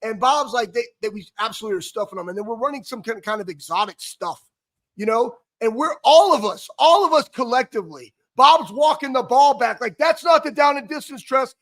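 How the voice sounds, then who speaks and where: Really high voiced guy in his 40s, excitable, rambling co-host story. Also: brisk. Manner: excitable, rambling, stumbling restarts. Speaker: co-host, former player. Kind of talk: animated storytelling.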